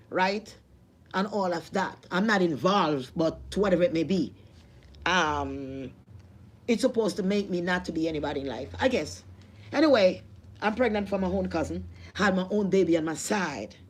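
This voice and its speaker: A woman with a Jamaican accent telling a personal testimony, emotional and repetitive, with religious appeals. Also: fairly low pitch. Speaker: vlogger.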